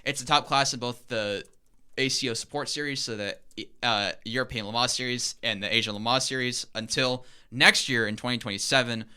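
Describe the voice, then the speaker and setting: A man's voice: medium pitch, steady tone, a little fast, sharp tone, clear, resonant tone. A young man co-hosting a podcast, eagerly explaining in a casual, rambling way with lots of fillers. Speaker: podcast co-host.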